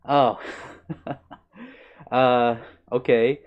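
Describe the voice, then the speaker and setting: A man's voice: medium pitch, flat delivery, drawn-out words, smooth, lo-fi sound. Friendly man chatting on a live stream. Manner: friendly, reads chat messages aloud, many ums. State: a little out of breath. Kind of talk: casual live-stream chat. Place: his own room on stream.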